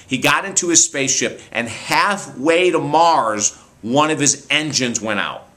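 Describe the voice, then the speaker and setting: A man speaker and author telling funny true stories in an animated, amused way, laughing often. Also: medium pitch, unhurried. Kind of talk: storytelling monologue.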